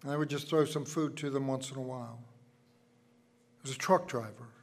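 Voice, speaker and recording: An older man preaching a sermon, telling folksy personal stories and swinging from loud emphasis to hushed asides. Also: mid-range voice, a little fast.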